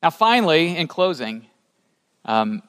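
High-voiced pastor preaching in a reverberant hall. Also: male voice, a little slow, smooth. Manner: animated, rising to emphatic high peaks; asks the congregation questions. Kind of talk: sermon.

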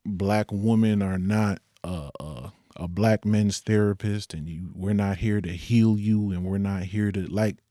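A man's voice: on the low side, steady tone, unhurried, hardly any pauses, dark tone, no room sound, studio quality. A young man speaking in an earnest, candid personal monologue, with occasional rueful laughs.

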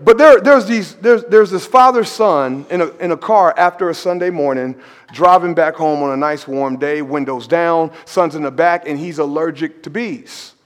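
A man preaching a sermon as pastor, storytelling with animated, shouted emphasis in a church sanctuary. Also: a little high, normal speed. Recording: long reverb of a large church hall.

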